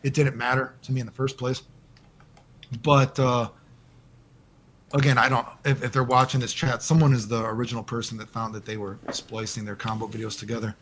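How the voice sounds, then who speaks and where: A man as the guest in a casual interview over a call, rambling and animated and swearing often. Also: mid-range voice, a little fast.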